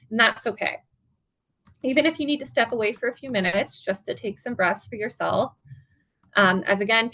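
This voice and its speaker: A woman presenting at an online seminar as a dementia care educator, giving calm, step-by-step guidance. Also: mid-range voice, no room sound. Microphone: video call.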